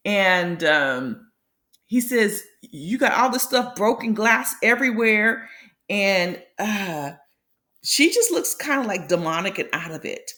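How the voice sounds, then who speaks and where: A woman's voice: mid-range voice, fairly bright tone. A woman hosting a casual commentary show, retelling reality TV drama in a chatty storytelling way and calling her viewers "my loves".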